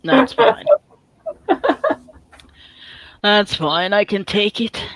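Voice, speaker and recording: A woman's voice: mid-range voice, huge pitch swings, extremely slow, no room sound, rough recording. A woman from Sweden, chatting casually and teasingly on a livestream, giggling often. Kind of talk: casual chat.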